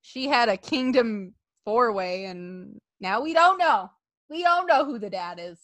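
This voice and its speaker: Animated woman podcast co-host. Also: on the high side, measured pace, dry recording. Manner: animated, laughing often, acting out quotes. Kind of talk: casual wrestling podcast chat.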